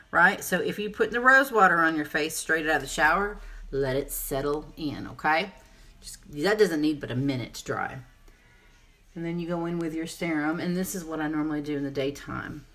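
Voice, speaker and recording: Chatty woman with a low voice, rambling through a live makeup demo. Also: sharp tone. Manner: chatty, rambling, answers viewer comments. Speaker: makeup seller and presenter. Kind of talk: casual live makeup tutorial.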